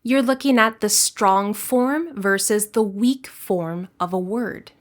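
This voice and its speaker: Slow, clear American woman teaching English. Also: medium pitch. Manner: clear, deliberate explanations. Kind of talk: scripted lesson narration.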